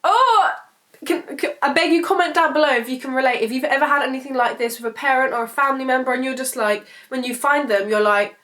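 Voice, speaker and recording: Young girl vlogging, rambly and sweary, bright higher voice. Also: quick pace. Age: 20s. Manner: rambling and emotional, swears freely, many restarts. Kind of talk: casual storytelling vlog.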